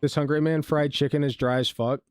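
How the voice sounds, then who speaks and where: A man's voice: a little high, fairly even intonation, fairly quick, darkish tone, smooth, soft background music. A man hosting a casual reaction stream, rambling, swearing, and interrupting himself. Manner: rambling, profane, self-interrupting. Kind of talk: casual commentary.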